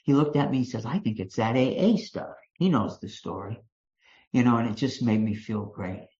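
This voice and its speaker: A man's voice: mid-range voice, normal speed, warm tone. Older Kentucky man telling a folksy story. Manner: folksy storytelling with frequent restarts and fillers. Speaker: recovery meeting speaker. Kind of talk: personal recovery talk to a meeting. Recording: dull lo-fi meeting recording.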